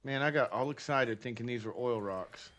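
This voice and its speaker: A man from Texas talks loosely as he plays, tossing jokes to his viewers and grumbling to himself between tasks. His voice sits at an ordinary middle pitch, relaxed and conversational. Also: normal speed. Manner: joking, muttering to himself while playing. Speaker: game streamer. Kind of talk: casual gameplay chat with chat.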